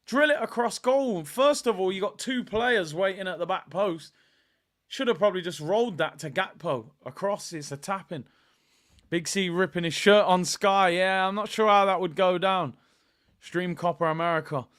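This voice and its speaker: Male watchalong host, high-pitched, excitable live match commentary. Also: normal speed. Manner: excitable, chatty, reacting to play and chat messages.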